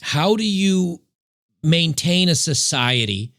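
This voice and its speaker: A man's voice: fairly high pitch, animated, slow, fairly bright tone. A man hosting a reaction commentary show, talking in a sarcastic, mocking way. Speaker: commentary host.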